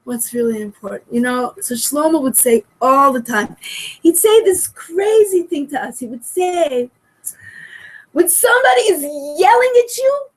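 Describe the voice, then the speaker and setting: A woman in her sixties giving a heartfelt storytelling talk at a memorial gathering, emotional, repeating phrases and swinging from soft to loud. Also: sits high, very animated, a little slow. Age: 60s.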